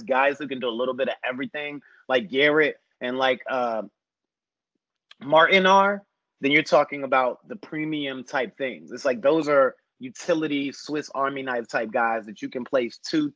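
A man's voice: mid-range voice, fairly bright tone, no echo. Man in casual basketball talk, slightly muffled. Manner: thoughtful, rambling with fillers. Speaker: basketball podcast analyst. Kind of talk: casual sports discussion.

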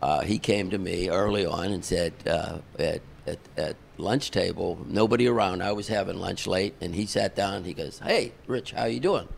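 A man's voice: low-pitched, normal speed, creaky, hardly any pauses, slight background noise. An older man, a concert promoter telling a long rambling backstage story full of fillers and restarts. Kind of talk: casual storytelling.

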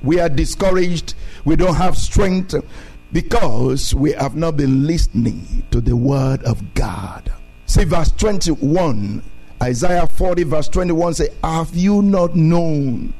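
A man's voice: on the high side, slow, dark tone, faint music behind, low-quality recording. A man preaching a sermon as pastor, repeating phrases and building to emphatic declarations.

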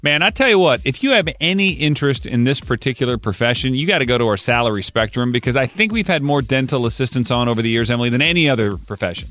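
A man hosting a morning radio show, joking and talking in quick, energetic patter. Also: mid-range voice, faint music behind. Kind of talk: upbeat radio banter.

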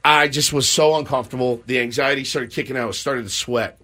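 On a morning sports radio program, a male host with a medium-pitched, fairly quick voice tells a story in relaxed conversation. He animatedly acts out what each person said, captured through a studio microphone.

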